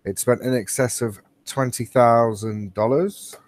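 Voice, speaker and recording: A man's voice: mid-range voice, steady tone, measured pace, no room sound. A man co-hosting a podcast, joking, laughing often and rambling through stories. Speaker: podcast co-host. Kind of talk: casual chat. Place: at home on an online call.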